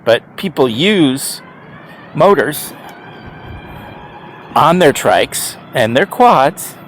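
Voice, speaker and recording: A man's voice: mid-range voice, a little hiss or hum. A man over fifty rambling casually to camera, chuckling often and restarting his sentences with emphatic repeats. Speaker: e-bike rider vlogger.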